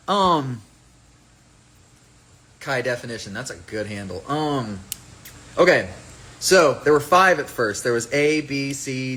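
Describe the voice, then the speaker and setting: Man, casual livestream chat, rambling, playful, very lively pitch, phone mic. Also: rough recording. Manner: rambling and playful, jumping between topics. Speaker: livestream host selling his own fragrance.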